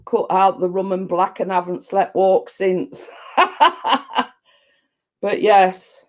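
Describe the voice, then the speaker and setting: A woman's voice: mid-range voice, flat delivery, takes it slowly, darkish tone. A middle-aged woman, chatting casually to viewers and rambling along, often repeating herself and laughing. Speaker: vlogger reading viewer comments. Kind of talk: casual live chat.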